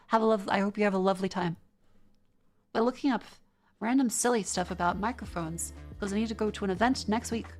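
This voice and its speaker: A young woman with an Australian accent chats loosely with her viewers, reading their messages aloud and tripping over restarts. Her voice sits in a middle pitch. Faint music plays quietly beneath her. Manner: chatty, quick restarts, reading chat aloud. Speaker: vtuber streamer. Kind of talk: casual stream chat reading comments.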